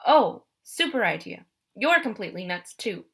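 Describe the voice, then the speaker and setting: Woman doing a defiant teenage girl, sarcastic, raised bright voice, audiobook. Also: mid-range voice, big pitch swings, normal speed, vocal fry. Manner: sharp, sarcastic. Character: defiant teenage girl protecting her brother.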